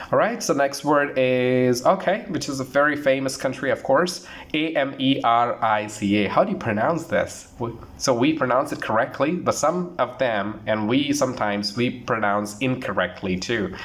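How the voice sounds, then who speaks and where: Earnest man teaching pronunciation. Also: medium pitch. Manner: earnest, repetitive, slows down to model words. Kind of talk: online pronunciation lesson.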